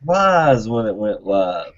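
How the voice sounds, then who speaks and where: A man's voice: fairly low pitch, big pitch swings, takes it slowly, a bit bright. A man co-hosting a casual live-stream chat in a laid-back way. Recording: dull lo-fi stream audio with faint noise.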